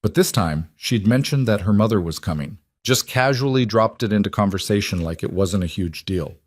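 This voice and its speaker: A man narrating a scripted drama story in an even, measured way. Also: fairly low pitch, no echo, studio quality.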